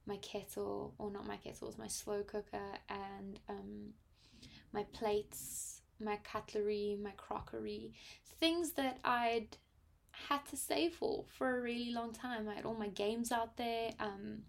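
A woman in her twenties with a South African accent, telling a personal story reflectively, with frequent pauses and fillers. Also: mid-range voice, fairly even intonation, creaky. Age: 20s. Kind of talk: personal testimony.

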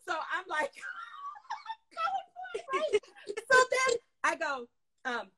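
A woman telling a lively story in a casual interview, excitable and full of slangy asides. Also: very high voice, slow pace, pauses often, poor audio. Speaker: guest dancer and choreographer.

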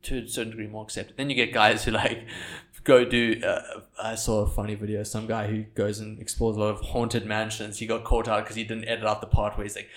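A young man in casual podcast chat, a filmmaker and content creator who swears freely and acts out quotes in high, mocking voices. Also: flat delivery, a little fast, hardly any pauses, fairly bright tone.

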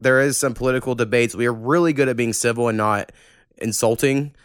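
A man hosting a casual podcast chat, talking in a relaxed, rambling way and swearing casually. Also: mid-range voice, a little fast, clean tone, dry recording, studio quality. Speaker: podcast host.

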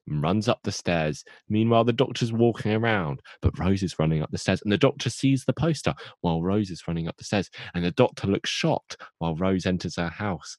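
Casting: podcast co-host, very low voice, dry close mic, rambling jokey recap. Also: male voice, a little mellow, no room sound. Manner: rambling, jokey storytelling with quick asides. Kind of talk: casual plot recap.

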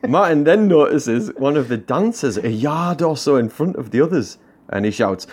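A man's voice: medium pitch, very animated, moderate pace, slightly rough. A man hosting a podcast, telling a comic story and laughing often. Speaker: podcast host.

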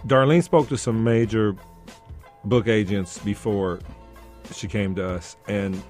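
A man's voice: lowish voice, steady tone, unhurried, a little mellow, faint music behind. A man speaks up for the author as her publisher. He is earnest, but his speech halts with many restarts. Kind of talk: casual interview chat.

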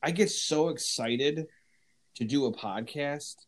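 A man co-hosting a podcast, talking bluntly and profanely in casual, quick bursts. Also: a little high. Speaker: podcast co-host.

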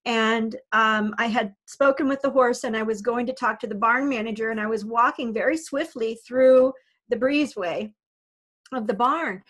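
High voiced lady, animal communicator, chatty storytelling, laughs a lot. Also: normal speed, a bit bright. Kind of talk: storytelling in casual chat.

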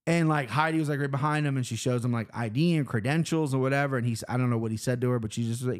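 A Cincinnati man who vlogs speaks quickly in a mid-range voice. He gives a loose, cursing, wandering rundown of his weekend in casual conversation.

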